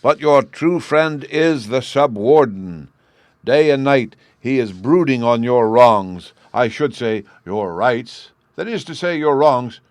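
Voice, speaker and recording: A man voicing a fussy, pompous male court Chancellor with a thin squeaky voice, a flustered speechmaker in an audiobook reading. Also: lively intonation, moderate pace, dry recording, lightly acted. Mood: shouting.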